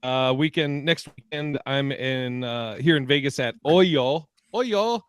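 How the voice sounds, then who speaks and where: A man's voice: medium pitch, steady tone, unhurried, a bit bright, smooth, no echo, clean studio sound. A man hosting a casual comedy podcast, joking and laughing between show plugs. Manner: joking, laughing, breaks into silly voices. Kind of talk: casual chat.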